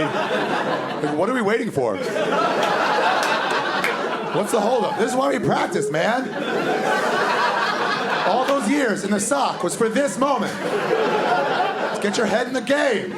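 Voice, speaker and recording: A gravelly male stand-up comic whose crude, deadpan storytelling swings up and down in pitch. He works a club stage with a handheld mic. The live recording carries a loud laughing crowd and heavy room noise. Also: a little slow, pauses often. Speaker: stand-up comedian. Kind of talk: stand-up comedy set. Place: comedy club stage before a live audience.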